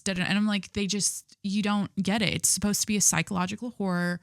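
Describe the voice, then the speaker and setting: A woman's voice: medium pitch, flat delivery, quick pace, hardly any pauses, no room sound, clean studio sound. A young woman hosting a podcast in casual chat, rambling with lots of "like" and swearing, laughing at herself. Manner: rambling, heavy use of "like", swearing, self-mocking. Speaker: podcast host.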